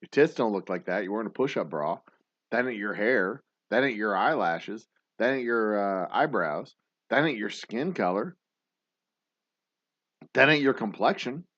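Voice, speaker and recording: A man's voice: lowish voice, animated, a little slow, pauses often, no room sound, lo-fi sound. A man hosting a drinking livestream show, ranting crudely and laughing in rambling, profane chat. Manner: loud, crude, laughing, tipsy rants. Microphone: webcam livestream setup.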